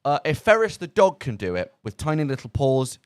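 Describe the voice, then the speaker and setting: A man hosting a charity radio stream, chatting casually with a lively, bouncing voice. He rambles and pokes fun at himself, heard close and dry on a studio microphone. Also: medium pitch, a little fast, smooth, dry recording. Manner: rambling, self-mocking, lots of fillers. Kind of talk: casual live radio chat.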